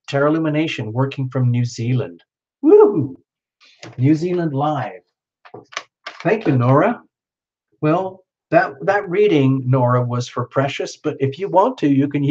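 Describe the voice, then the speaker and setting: Male live-stream tarot host, casual and chatty, greets viewers by name, excitable; mid-pitched voice, muffled lo-fi sound. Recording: dull lo-fi stream audio.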